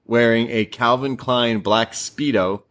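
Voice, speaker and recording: A young man co-hosting a casual podcast, recapping a show and putting on squeaky voices when he quotes people. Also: slow. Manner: animated, puts on squeaky voices when quoting wrestlers. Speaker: podcast co-host.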